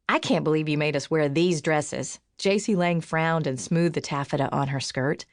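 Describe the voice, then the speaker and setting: Low-voiced woman reading an audiobook. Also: normal speed, few pauses, no echo, studio quality. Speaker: audiobook narrator. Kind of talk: scripted audiobook narration.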